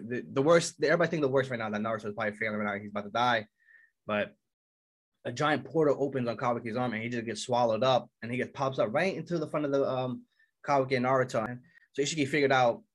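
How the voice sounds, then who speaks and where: Fast-talking man excitedly recapping an anime. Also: medium pitch. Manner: excitable, swears a lot, acts out characters' lines. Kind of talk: casual episode recap.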